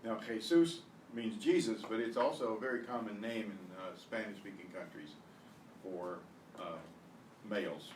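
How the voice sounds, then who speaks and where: A man teaching an online beginner language lesson, repeating words slowly with exaggerated pronunciation. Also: fairly low pitch, fairly even intonation. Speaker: Spanish teacher. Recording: echoey room, distant mic, faint hiss.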